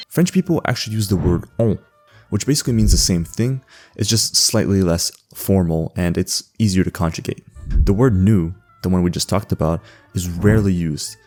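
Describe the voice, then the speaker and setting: This language-learning video host is a young Canadian man whose voice sits low and a little mellow. Faint background music accompanies his comedic, sarcastic voice-over, and laughter often cuts into his sentences.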